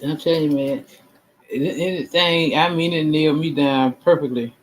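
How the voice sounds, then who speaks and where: A man's voice: fairly high pitch, steady tone, moderate pace, a little hiss or hum, low-quality recording. Rambling self-assured man, raised voice. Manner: rambling, emphatic, self-assured, repeats himself. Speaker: channel host. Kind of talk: casual livestream talk.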